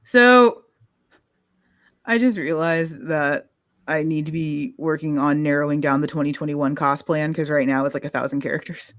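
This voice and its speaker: A woman co-hosting a casual podcast chat, frank and wry, speaking quickly and swearing casually. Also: deep voice, no room sound, clean studio sound. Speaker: co-host.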